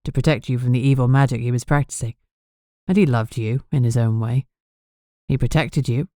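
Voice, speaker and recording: Audiobook role: a woman playing a gentle, reassuring man, pitched low. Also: steady tone, dry recording, studio quality. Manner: soft, measured, reassuring. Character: calm, protective man, a steady fiancé. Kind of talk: audiobook character voice.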